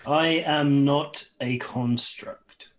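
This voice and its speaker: A man playing a mechanical construct with no tact, speaking flatly and literally. The delivery is slow and even. The pitch sits in the middle. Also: crowd noise. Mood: matter-of-fact. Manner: flat, literal, unhurried. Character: blunt, tactless male mechanical construct.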